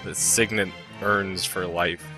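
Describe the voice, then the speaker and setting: A man's voice: low voice, fairly even intonation, slow, over music. A man playing a video game and commenting casually, joking and swearing freely. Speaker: let's play host and player.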